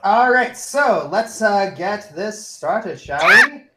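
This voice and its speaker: A man's voice: high voice, animated, slow pace, heavy background noise. Playful game master man, roomy sound. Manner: playful, mock-menacing, laughs often. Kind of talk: casual chat on a voice call.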